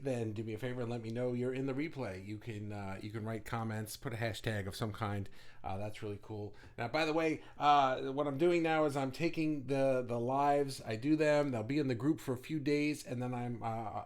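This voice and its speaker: Male livestream host, casual and rambling, fast talker, mid-pitched voice, loose and profane. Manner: rambling, chatty, with many restarts and swearing; talks fast.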